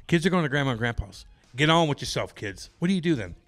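A man's voice: mid-range voice, animated, quick pace, a bit bright. A man co-hosting a podcast, telling crude stories in a rowdy, profane, joking way. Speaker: podcast co-host. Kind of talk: casual podcast banter.

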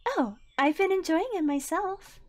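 A woman's voice: extremely high pitch, animated, a little slow, a little mellow, voice pushed up. A woman voicing a friendly female dancer in a game role-play, speaking with a smile. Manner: friendly, smiling. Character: cheerful female dancer performer.

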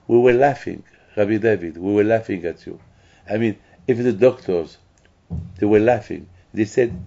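A rabbi preaches emphatically. He circles back and repeats himself often. His voice is gravelly and husky, and it comes through a dull, lo-fi recording. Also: lowish voice, normal speed, dark tone. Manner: emphatic, repetitive preaching with restarts. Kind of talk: sermon.

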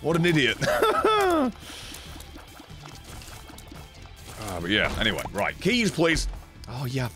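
A man streaming a game, chatting casually and swearing as he thanks viewers, his throat hoarse and strained. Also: mid-range voice, big pitch swings, fairly quick, sharp tone, soft background music. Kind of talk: casual live-stream chat while gaming.

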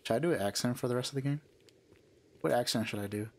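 Gravelly young man gaming, joking around. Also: medium pitch, fast. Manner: joking, swearing, excitable. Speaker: gamer. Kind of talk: casual let's play banter.

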